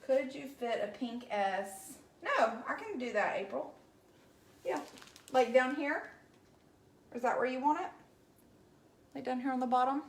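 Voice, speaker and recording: A woman from Alabama with a Southern accent paints on a craft livestream, chatting casually and answering viewer comments in a folksy way. Her high voice is expressive and measured, with frequent pauses, in an echoey room.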